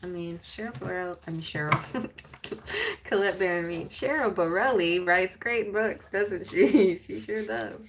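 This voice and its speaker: A woman giving a gentle, soothing live-stream tarot reading. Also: mid-range voice, unhurried, noisy background. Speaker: tarot reader.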